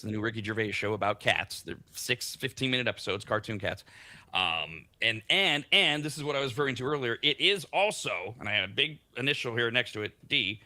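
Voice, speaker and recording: A man's voice: lowish voice, pushed and bright. A man hosting a morning radio show in a studio, chatting and reading out facts about the day. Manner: chatty, reads out the day's facts. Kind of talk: casual morning radio chat.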